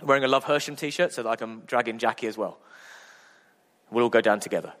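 Rousing preacher in an echoing church. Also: male voice, mid-range voice, fast talker. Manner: lively, humorous, rousing, with rhetorical questions. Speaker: pastor. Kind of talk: sermon. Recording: echoey church hall.

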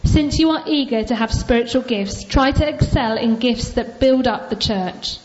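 A woman's voice: a little high, moderate pace, a little mellow, a little hiss or hum. Woman reading scripture steadily in church. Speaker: scripture reader. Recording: dull lo-fi church recording.

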